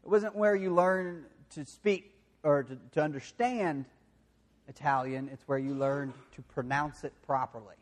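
A man from the American South with a Southern accent, preaching a sermon with self-deprecating stories that drop into quiet, confessional moments. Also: fairly high pitch, measured pace. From Southern United States. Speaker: pastor.

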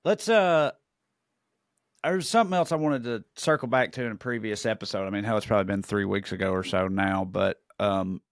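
A man's voice: on the low side, brisk, no echo, clean studio sound. A man with a Southern US accent, co-hosting a podcast in casual chat, rambling with many fillers and restarts. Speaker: podcast co-host.

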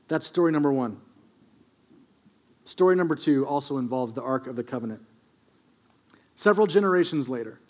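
A middle-aged man preaching a sermon and retelling Bible stories in an animated, humorous way. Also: medium pitch. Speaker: pastor. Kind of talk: storytelling sermon.

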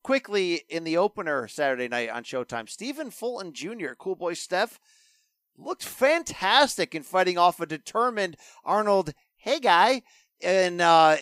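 A man with a high, smooth voice runs a loose boxing chat, brisk and jokey. The sound is dry and close. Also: fairly bright tone, no room sound. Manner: brisk, jokey, hands off to co-host by name. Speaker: boxing show host. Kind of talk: casual sports talk.

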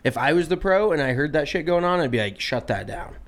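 A man co-hosting a podcast, telling a story in a casual, animated and profane way, sounding exasperated. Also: a little high, a little fast. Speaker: podcast co-host.

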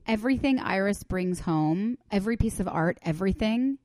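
Woman, thirties, podcast co-host, candid, laughs often, very lively pitch, dry close sound. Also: normal speed, dry recording. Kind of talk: casual chat.

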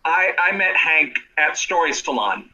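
A man and co-host chatting casually, halting and restarting as he praises his guest. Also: fairly high pitch, expressive, sharp tone, low-quality recording. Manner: halting, full of restarts and fillers. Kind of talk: casual chat.

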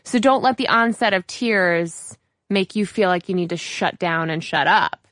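A woman hosting a podcast interview, talking with animated energy and laughing often. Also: fairly low pitch, a little slow, no room sound. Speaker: podcast host.

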